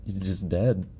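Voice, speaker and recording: A man live-streaming on an ASMR channel, chatting casually about clips, often breaking into giggles while trying to keep his voice soft. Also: low-pitched. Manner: giggly, breaks into laughter, talks softly. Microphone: binaural ASMR microphone.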